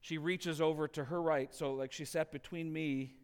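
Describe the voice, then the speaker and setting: A man preaching a sermon as a pastor, telling a family story with lively, animated delivery. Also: a little high, normal speed, smooth, big-room sound. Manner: animated storytelling, rising loud when acting out scenes.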